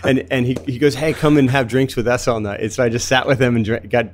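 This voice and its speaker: A man in his fifties from Florida, a guest telling relaxed stories in casual conversation. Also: medium pitch, quick pace, a little hiss or hum. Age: 50s. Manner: relaxed and chatty, laughs easily while telling anecdotes.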